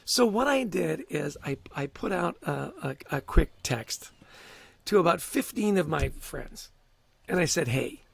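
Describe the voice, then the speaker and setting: A high-pitched man with a gravelly, husky edge to his voice, talking as a guest in a casual interview. He tells stories in an animated way, stumbles over repeated words and laughs often. The sound is dry and close. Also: unhurried, no echo.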